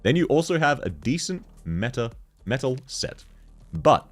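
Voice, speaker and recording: A man's voice: medium pitch, sing-song, a little slow, soft background music. A young man chatting casually on a game livestream, joking, laughing often and reading chat messages aloud. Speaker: streamer.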